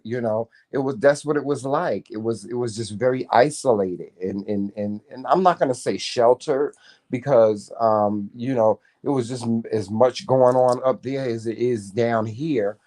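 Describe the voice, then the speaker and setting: A man's voice: mid-range voice, moderate pace, a little mellow. A man co-hosting a casual morning chat vlog, talking freely and calling listeners "child" and "y'all". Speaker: vlog co-host.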